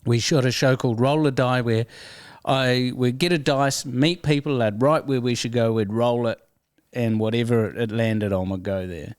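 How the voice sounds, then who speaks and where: Man, New Zealand accent, guest comedian, animated laughing storyteller, mid-pitched voice, dry close sound. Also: normal speed, hardly any pauses, clean tone, no room sound. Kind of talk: casual interview storytelling.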